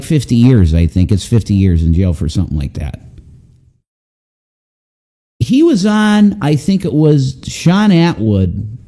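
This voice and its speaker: Man, commentary host, blunt swearing rant, very dark mellow tone, lively pitch. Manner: blunt, swears often, animated and incredulous. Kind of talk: casual ranting commentary.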